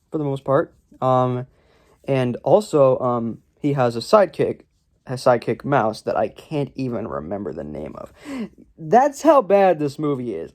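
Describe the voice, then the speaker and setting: A man reviews a film at home in a loose, sarcastic ramble packed with ums. His pitch swings widely. He talks into a camera propped on his legs. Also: darkish tone.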